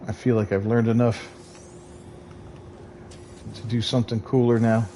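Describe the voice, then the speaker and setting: A man's voice: mid-range voice, flat delivery, unhurried, warm tone, slight background noise. A man hosting a gaming livestream, chatting casually in a laid-back way and thinking aloud. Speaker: streamer host.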